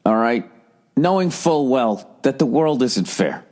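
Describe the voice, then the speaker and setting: A man in his forties with a Boston accent, hosting a solo comedy podcast and ranting in a profane, sardonic, animated way. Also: mid-range voice, measured pace. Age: 40s. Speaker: podcast host.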